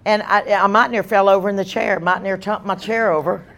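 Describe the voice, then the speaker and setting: A woman evangelist, preaching an emphatic, animated sermon with repeated lines. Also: mid-range voice, fairly quick.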